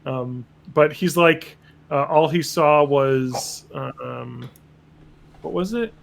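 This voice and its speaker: A podcast host casually recaps a cartoon episode, rambling with crude jokes and acting out quotes. He has a fairly high, slow voice with vocal fry.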